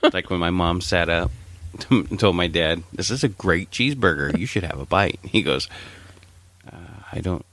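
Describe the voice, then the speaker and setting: A man's voice: low-pitched, moderate pace, fairly bright tone. A man co-hosting a podcast, telling laid-back stories in a casual chat. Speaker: podcast co-host.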